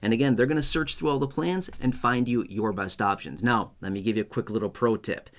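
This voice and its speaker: A man's voice: mid-range voice, brisk. A man hosting his own video channel, talking straight to his viewers in a chatty, repetitive and emphatic way. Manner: chatty, repetitive, emphatic, acts out skits in raised voice. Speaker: YouTube host. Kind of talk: casual direct-to-camera talk.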